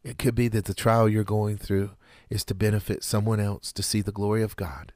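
A man preaching a sermon in an earnest, measured way, with dramatic pauses. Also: fairly low pitch, fairly even intonation, darkish tone, no echo, studio quality.

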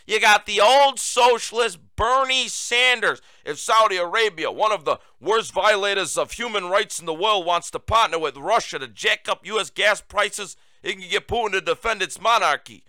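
A male talk-show host delivering political commentary in a mocking, combative tone. His voice is very bright and sharp, smooth and crisp, and sits dry and close with no room echo. He swings into near-shouting when he wants to hammer a point home. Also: high voice, moderate pace, hardly any pauses. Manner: raises voice to near-shouting for emphasis.

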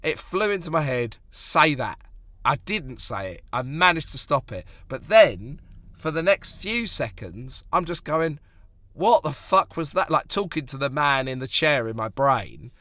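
Bright, lively man on a podcast. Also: medium pitch, dry recording. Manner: chatty, swearing, quick asides. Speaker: comedian podcast co-host. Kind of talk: casual podcast banter.

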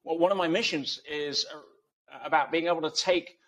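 A man's voice: on the high side, fairly even intonation, moderate pace, fairly bright tone. A man speaking as an interview guest, making emphatic points with analogies and rhetorical questions. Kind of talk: conversational interview.

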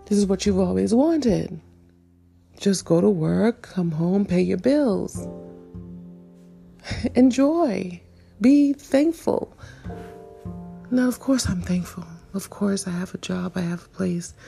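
A woman in her fifties hosting a reflective solo monologue, searching and questioning herself, with soft laughs. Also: lowish voice, unhurried, gravelly, faint music behind. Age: 50s. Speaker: podcast host.

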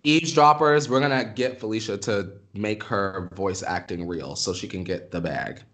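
A woman's voice: very deep voice, normal speed. A woman co-hosting a podcast in sassy, emphatic casual chat, calling her friend "girl" again and again. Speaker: podcast co-host.

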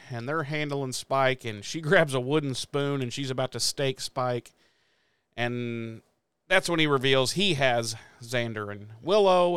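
A man from the American Midwest chats through a TV episode, jumping into the characters' lines as he goes. His voice is smooth and resonant at a middle pitch. The recording is dry, with no room echo. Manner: animated retelling with profanity and acted-out quotes. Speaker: podcast co-host. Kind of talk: casual episode recap chat.

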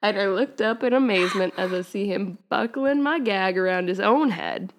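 Podcast co-host, female, mid-pitch, reads a text aloud, keeps cracking up and cutting in with dry asides. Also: normal speed, slight background noise. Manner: keeps breaking into laughter and wry asides while reading. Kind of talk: reading fan fiction aloud on a casual podcast.

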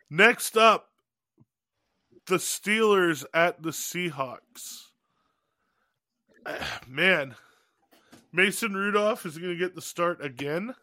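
A male podcast host in easygoing chat who talks slowly and chuckles often. His voice sits high and bright. The sound is dry and close. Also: lively intonation, no room sound. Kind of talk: casual chat. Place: home podcast studio, seated on a futon.

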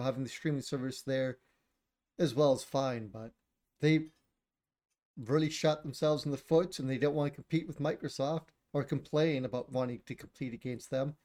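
A man's voice: a little high, a little mellow. A man co-hosting a casual chat about video games, blunt and opinionated, swearing and laughing often.

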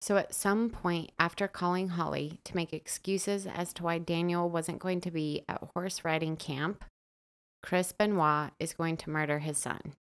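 A woman's voice: on the low side, fairly even intonation, a little slow, clear, resonant tone. A woman co-hosting a podcast, narrating from her notes with dry asides to her co-host. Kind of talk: true crime podcast narration and chat.

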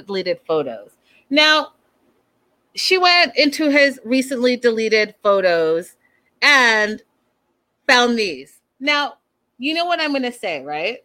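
A woman in casual chat, recapping a reality show in a gossipy, animated way and quoting the cast as she goes. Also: on the high side. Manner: chatty, gossipy, animated retelling with quoted lines.

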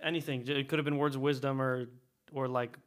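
A man's voice: medium pitch, steady tone, a little fast. A young man co-hosting a casual podcast, joking and steering the segments. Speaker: podcast host.

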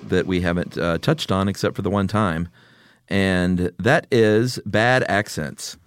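A man's voice: sits low, steady tone, a little slow, clear, resonant tone, faint music behind. A man co-hosting a podcast in a casual, teasing chat. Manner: joking, teasing. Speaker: podcast co-host.

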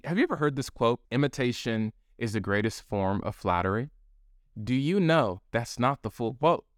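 A man teaching young preachers in a lively, conversational way, pushing his pitch up to stress key points. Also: clear, resonant tone, dry recording, studio quality. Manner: energetic, conversational, shifts pitch up for emphasis. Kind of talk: teaching talk to camera.

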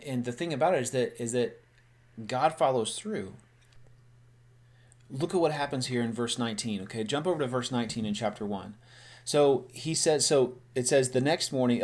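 A man's voice: medium pitch, a little mellow. A man reading a scripture passage aloud and explaining it in a plain, conversational sermon, often restarting his sentences. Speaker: preacher.

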